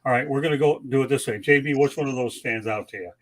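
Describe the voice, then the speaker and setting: A man with a raspy voice hosting a sports talk show, reading out stats and joking with his panel. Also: medium pitch, fast talker, low-quality recording. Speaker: host.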